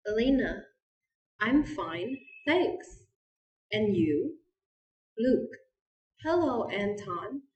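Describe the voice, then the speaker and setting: A woman English teacher giving a lesson, reading dialogue lines slowly and clearly for learners. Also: mid-range voice, very animated, darkish tone, muffled recording. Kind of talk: slow, clearly spoken language lesson. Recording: echoey room, voice a little far off.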